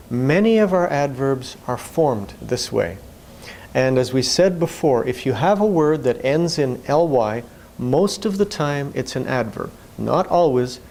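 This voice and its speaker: Narrator, man, measured and slow, mid-pitched, reviewing rules. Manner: slow, even explaining tone. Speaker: instructor. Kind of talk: scripted narration.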